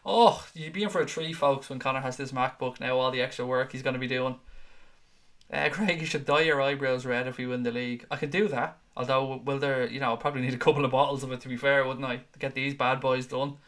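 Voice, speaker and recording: A man in his twenties or thirties hosts a live fan stream. He talks in a loose, joking way, reads viewer comments aloud and swears freely. His pitch sits in the middle of the usual male range. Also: steady tone, fast talker, a bit bright. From Ireland. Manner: chatty, jokey and profane, teasing his co-hosts. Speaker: host of a fan channel live show.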